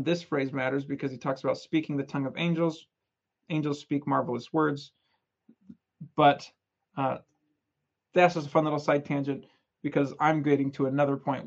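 A young man giving a casual, energetic scripture lesson, retelling stories in a chatty, playful way. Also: fairly high pitch, creaky, lo-fi sound. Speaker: scripture study presenter.

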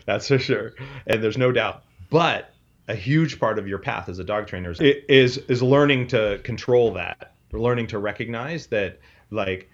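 A man's voice: fairly low pitch, measured pace, lo-fi sound. A man talking casually on a podcast, explaining dog training emphatically and often checking in with "right?".

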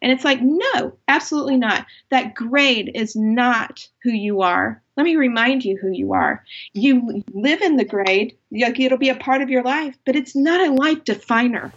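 A woman's voice: a little high, moderate pace, breathy edge. A middle-aged woman who is an author, talking earnestly and with passion as a guest in a faith-based podcast conversation. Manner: earnest, impassioned, emphatic. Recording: dull lo-fi sound.

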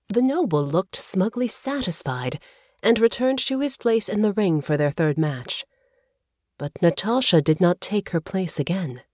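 A woman reading an audiobook aloud in a measured, unhurried way. Her voice sits low and the pace is very slow, with a dry, close-miked sound. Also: no echo. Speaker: audiobook narrator. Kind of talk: scripted narration.

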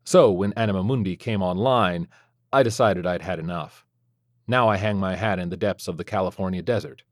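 A man narrates a scripted first-person story with sardonic, dry wit. His voice sits fairly low. The recording is close and completely dry, with no room sound. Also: normal speed, no echo.

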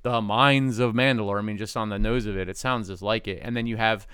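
A man's voice: fairly low pitch, steady tone, a little fast, a bit bright, clean tone, dry recording, clean studio sound. A man hosting a fan podcast, talking casually with lots of fillers and restarts. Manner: rambling, many fillers and restarts. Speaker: podcast host.

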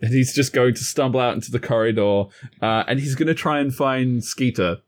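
A man's voice: mid-range voice, fairly quick. A man playing a tabletop role-playing game who narrates his character's moves and often breaks into giggles. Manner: giggly, animated. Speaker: player.

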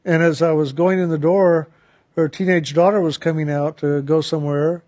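A man calmly recounting a personal story and turning it into a spiritual lesson, earnest and reflective, slowing down on the phrases he wants to stress. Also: a little high. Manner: calm, earnest, reflective, with slowed emphasis on key phrases.

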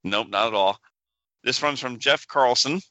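A man's voice: medium pitch, unhurried, sharp tone, no echo, poor audio. A man co-hosting a casual pinball podcast, joking around and reading listener emails aloud. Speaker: podcast co-host. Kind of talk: casual chat.

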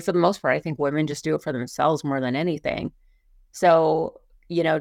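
A young woman co-hosts a podcast in loose, heated talk that rambles and restarts often. Her voice carries a gravelly, creaky texture at a middle pitch. The sound is close and dry, with no room around it. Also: no room sound. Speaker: podcast co-host. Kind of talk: casual opinion talk.

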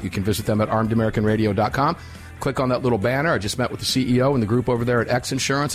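A middle-aged man hosting a live talk radio show, energetic and folksy, sometimes drawing out words for emphasis. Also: fairly low pitch.

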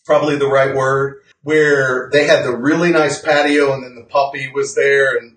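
A man's voice: medium pitch, steady tone, moderate pace, a bit bright, far from the mic. A man co-hosting a podcast in casual chat, rambling, self-correcting, and laughing often. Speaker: podcast co-host. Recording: roomy sound from off-mic.

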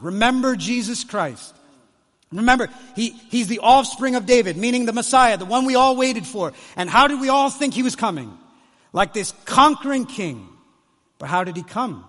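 A man preaching a conference sermon, impassioned, swinging between hushed lines and loud ones. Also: high voice. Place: large conference hall. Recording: long hall reverb.

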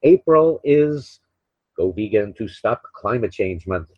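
An older man hosting his own radio show, talking in a rambling, opinionated way, often repeating words and filling pauses with uh and um. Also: on the low side, expressive, no room sound. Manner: opinionated, sarcastic. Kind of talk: casual solo talk radio monologue. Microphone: desk microphone beside a laptop. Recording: dull, slightly lo-fi dry recording.

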